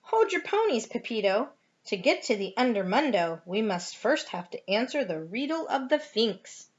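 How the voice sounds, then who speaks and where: A woman voicing a bossy little male Chihuahua who gives orders in a squeaky voice. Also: sing-song, normal speed. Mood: commanding. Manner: squeaky, commanding. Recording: dull lo-fi home recording.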